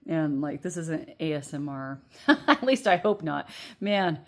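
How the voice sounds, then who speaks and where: A woman's voice: low-pitched, lively intonation, unhurried. A woman in her thirties giving a casual pick-a-card tarot reading at home into earbuds, chatty and rambling, with frequent laughs and fillers. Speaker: tarot reader.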